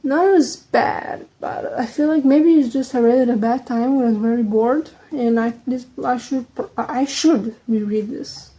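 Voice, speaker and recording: A young woman who speaks English as a second language, with a slight American lean, chatting casually and quickly as a book vlogger, trailing off into soft asides. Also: a little high, low-quality recording. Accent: American-leaning English, second language. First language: not English. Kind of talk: casual chat.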